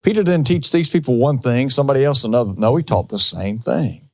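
A man's voice: medium pitch, brisk, dry recording. A man hosting a religious talk show, preaching emphatically with rhetorical questions.

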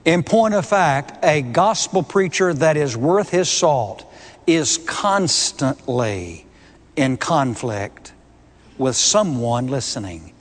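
A man's voice: on the high side, very animated, slow. Emphatic male preacher in a big hall. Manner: emphatic, repeating key words with rising force. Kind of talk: sermon.

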